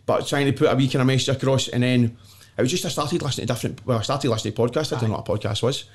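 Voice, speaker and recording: Rapid-fire and steady, a medium-pitched man with a Glaswegian accent guests on a podcast. His casual storytelling is blunt and self-deprecating, with plenty of swearing and frequent laughs.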